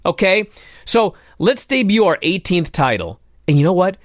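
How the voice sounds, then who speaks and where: A man's voice: high voice, sing-song, moderate pace, no echo, clean studio sound. A man hosting a talk radio show, ranting in a fired-up, exasperated way.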